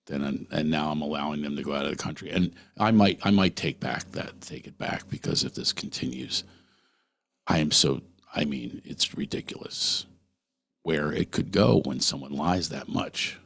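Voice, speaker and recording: Deep-voiced man in earnest monologue. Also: vocal fry, fairly bright tone. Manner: earnest, asks the listener questions directly. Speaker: podcast host. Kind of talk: personal monologue.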